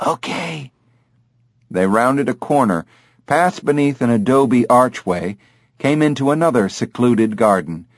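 A man narrating an audiobook in a measured, expressive way. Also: medium pitch, no room sound, clean studio sound. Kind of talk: scripted narration.

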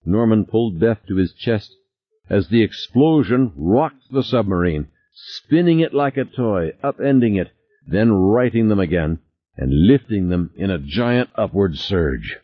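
Deep-voiced man narrating expressively. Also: a little slow, muffled recording. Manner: dramatic, expressive reading. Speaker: audiobook narrator. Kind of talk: scripted narration.

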